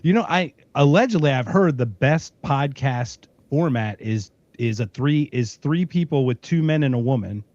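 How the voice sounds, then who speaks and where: A man's voice: mid-range voice, animated, normal speed, hardly any pauses, darkish tone, no room sound. Joking male podcast host, dry dull sound. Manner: joking, playful, fond of doing voices. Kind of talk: casual chat.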